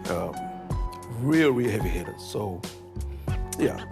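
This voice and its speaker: Guarded low-voiced man. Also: animated, takes it slowly, creaky, music in the background. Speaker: former label member interviewee. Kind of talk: guarded documentary interview.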